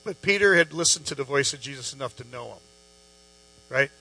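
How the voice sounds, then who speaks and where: A man's voice: mid-range voice, animated, a little fast, vocal fry, sharp tone, dry recording, poor audio. A man preaching a casual, conversational sermon, chatting with his listeners, joking as he goes and acting out quoted voices. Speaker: pastor.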